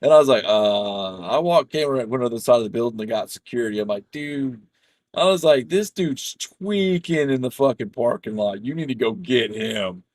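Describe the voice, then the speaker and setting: A man's voice: mid-range voice, animated, moderate pace, a little mellow, dry recording. A middle-aged man chatting casually over voice chat while gaming, telling stories in a rambling, profane way full of restarts. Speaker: gamer chatting with a friend.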